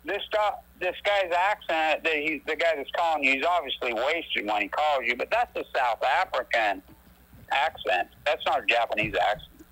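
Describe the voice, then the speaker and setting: A man talking as an activist guest in a casual phone conversation, animated and emphatic, ranting with rising indignation. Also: on the high side, moderate pace, low-quality recording. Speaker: anti-nuclear activist guest.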